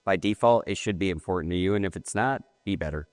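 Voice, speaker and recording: Man, low register, firm and punchy podcast co-host, dry close sound. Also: quick pace, clean tone, no room sound. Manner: firm, advisory, punchy short lines. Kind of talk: casual chat.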